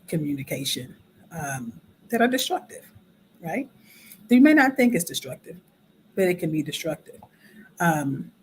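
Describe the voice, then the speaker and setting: A woman drama therapist hosting a talk show, explaining in a casual teaching way and acting out quoted voices with animated shifts. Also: sits low, a little hiss or hum, rough recording.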